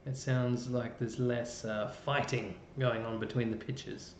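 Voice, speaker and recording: A man's voice: level tone, unhurried. A man with an Australian accent presenting a casual live-stream music lesson, chatty, with plenty of fillers and restarts. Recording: roomy dull live-stream audio with faint rumble.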